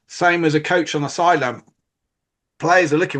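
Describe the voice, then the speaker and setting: A man's voice: on the high side, steady tone, brisk, fairly bright tone. A British man co-hosting a podcast, explaining coaching ideas in casual talk and acting out quotes from players and coaches.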